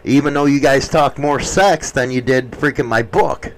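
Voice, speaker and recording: A man's voice: mid-range voice, normal speed, slight background noise, poor audio. A middle-aged man hosting a show, trading crude, profane teasing in casual banter. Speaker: show host.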